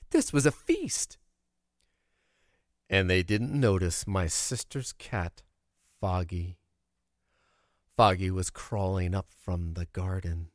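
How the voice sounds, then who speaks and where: A man telling a folksy childhood tale in an animated, expressive way. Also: low voice, no room sound, studio quality. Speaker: storyteller. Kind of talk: oral storytelling of a childhood tale.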